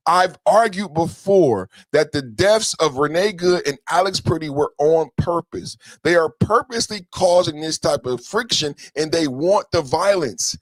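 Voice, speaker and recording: A man's voice: a little high, animated, moderate pace, no echo. Dry-voiced man ranting on a podcast. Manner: rambling, repeats phrases, builds an argument. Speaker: podcast host. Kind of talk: ranting reaction commentary.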